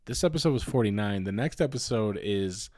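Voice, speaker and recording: A man's voice: on the low side, animated, fairly quick, a little mellow, dry recording, studio quality. A young man co-hosting a casual podcast, rambling through crude jokes and laughing often. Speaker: podcast co-host.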